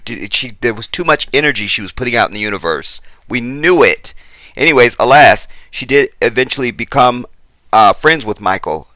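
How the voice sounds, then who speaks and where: A man's voice: on the low side, pushed and bright, dry recording. A man hosting a casual commentary video, talking straight to his viewers and getting worked up as he repeats himself. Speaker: channel host.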